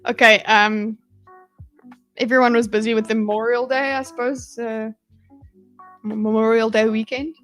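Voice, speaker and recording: A woman's voice: a little high, flat delivery, moderate pace, pauses often, faint music behind, rough recording. A woman hosting a livestream, giving rambling, sarcastic reaction commentary and chatting with viewers. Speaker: livestream host.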